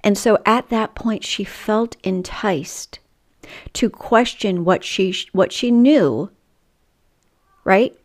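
A woman's voice: medium pitch, a little mellow. A middle-aged woman hosting a faith-based weight loss coaching show, earnest and emotional, with frequent asides. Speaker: Christian weight loss coach and podcast host.

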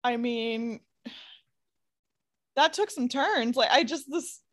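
A woman's voice: a little high, slow pace, a bit bright. A woman co-hosting a casual podcast, reacting expressively with frequent laughter. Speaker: podcast co-host. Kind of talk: casual chat.

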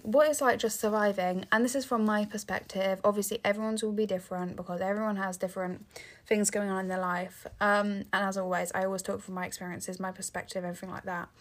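A teenage girl from England hosting her own podcast, rambling casually with many fillers and restarts, sounding tired. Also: mid-range voice. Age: teens. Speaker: podcast host. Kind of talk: casual monologue.

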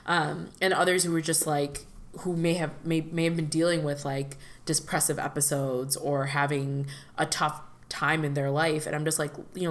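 A woman with a low voice speaks in a loose, rambling way as a podcast co-host. She fills her sentences with "like" and "you know" and often slides into laughter. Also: flat delivery, moderate pace, few pauses. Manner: chatty, many fillers, laughs often. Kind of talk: casual conversation.

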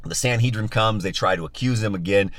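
Pastor guy doing a live bible study on his phone, real deep voice, dry close sound, excited and chatty. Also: brisk, dry recording. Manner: upbeat, enthusiastic, chatty with listeners.

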